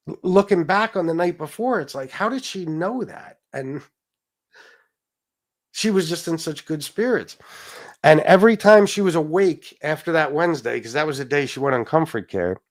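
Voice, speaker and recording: A man hosting his own talk show, speaking casually and emotionally, rambling with restarts, asides and the odd swear word. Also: fairly high pitch. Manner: profane. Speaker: political talk show host. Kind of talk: casual live-stream talk.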